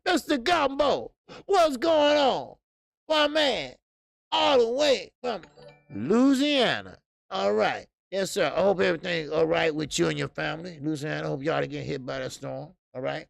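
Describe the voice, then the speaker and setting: A man's voice: sits high, expressive, normal speed, vocal fry, no echo, clean studio sound. A man hosting a casual boxing livestream, talking loosely and profanely, reading out chat and breaking into laughter.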